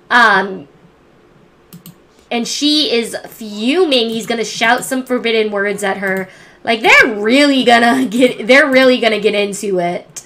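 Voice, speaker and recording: A woman's voice: on the high side, measured pace, sharp tone. Chatty woman narrating a life-sim game. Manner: chatty, thinking aloud with restarts. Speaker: gameplay narrator. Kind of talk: let's play commentary.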